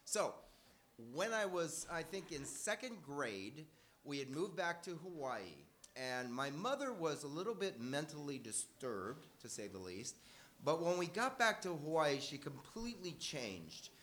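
A man's voice: a little high, big pitch swings, unhurried, a bit bright, a little hiss or hum. An older man telling a personal story live to an audience, conversational and wry, correcting himself as he goes.

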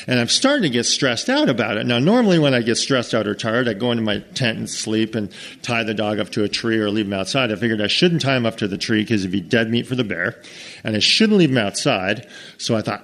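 An American man spins a comic outdoor tale for a crowd, acting out each character and noise. His pitch rises and falls widely, which keeps the telling lively and expressive. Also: fairly quick. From United States. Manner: animated, acts out every character and sound. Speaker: storyteller. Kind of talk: comic campfire storytelling to an audience.

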